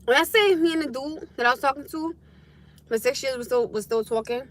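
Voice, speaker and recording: Woman, livestream host, high voice, sharp tone, blunt, animated, swears freely. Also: a little fast. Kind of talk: casual livestream venting to viewers.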